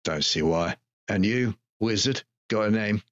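A man voicing a short, stocky, ill-tempered middle-aged lord in a tabletop game, gruff and curt, on a slightly dull lo-fi recording. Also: lowish voice, measured pace, no echo, close to an everyday voice. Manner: gruff, curt, swearing at servants.

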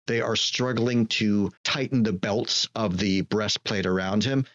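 A man runs a tabletop role-playing game as game master. He describes scenes in a measured, descriptive way, with small hesitations. His voice sits low, and the recording has a slightly dull, lo-fi sound. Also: fairly even intonation, fairly bright tone.

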